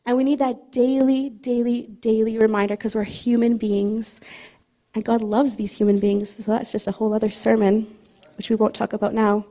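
A middle-aged woman giving a casual, chatty sermon, joking at her own expense and reading scripture slowly. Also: a little high, flat delivery, dark tone. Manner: chatty and self-deprecating, laughs often, reads scripture slowly. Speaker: preacher.

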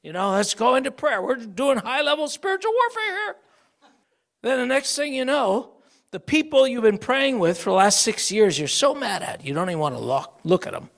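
A man's voice: very high voice, very animated, moderate pace, vocal fry, a bit bright. A male preacher giving a sermon, telling stories and acting out the voices of people he quotes.

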